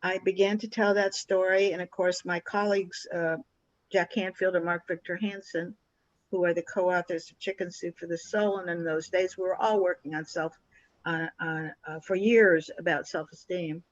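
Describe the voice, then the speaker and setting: An older woman, a guest on an interview show, telling a story in a lively, animated way and acting out the people in it. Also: lowish voice, normal speed, lo-fi sound. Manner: animated storyteller who acts out quoted dialogue.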